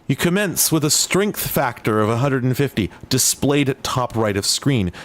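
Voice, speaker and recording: A man in the middle of the usual pitch range mutters and rambles through casual retro-gaming commentary. He is sardonic and keeps breaking off his own sentences, then starting them again. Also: lively intonation, normal speed. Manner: rambling, sardonic, self-interrupting. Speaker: host. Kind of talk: casual commentary while playing retro games.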